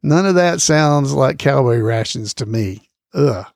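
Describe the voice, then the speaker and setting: A man's voice: medium pitch, expressive, a little slow, vocal fry, a little mellow, dry recording, clean studio sound. A male podcast host chatting casually about trivia, rambling with lots of fillers and small chuckles.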